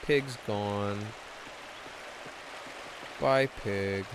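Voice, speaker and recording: A man's voice: lowish voice, extremely slow, background noise. A man streaming a game live, reading dialogue aloud with wry, playful asides. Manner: wry, playful asides between read lines.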